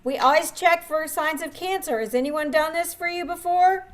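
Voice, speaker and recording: High-voiced woman leading a coaching seminar. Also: normal speed. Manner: animated, instructive, asks the audience questions. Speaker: dental practice trainer.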